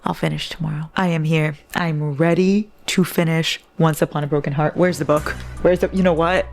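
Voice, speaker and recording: Gushing young woman with vocal fry. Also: low-pitched, fairly even intonation, a little fast, few pauses. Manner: gushing, dramatic reactions, swears. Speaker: book vlogger. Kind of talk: casual reading vlog.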